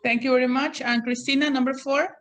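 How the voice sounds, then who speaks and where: A woman's voice: sits high, steady tone, a little fast, a bit bright, a little hiss or hum. A woman English teacher running an online class over a video call, patiently calling on students by name.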